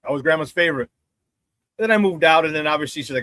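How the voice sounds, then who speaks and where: A man's voice: on the high side, expressive, fast talker, sharp tone, dry recording. A man hosting a casual live sports talk show, chatting with viewers, laughing often and repeating phrases for emphasis.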